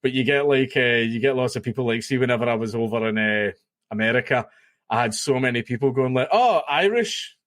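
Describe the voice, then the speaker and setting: A man's voice: medium pitch, fast talker, no echo, studio quality. A Scottish man talking as a podcast guest in casual chat, animatedly acting out the people he mocks. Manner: animated, mocking storyteller who acts out quotes.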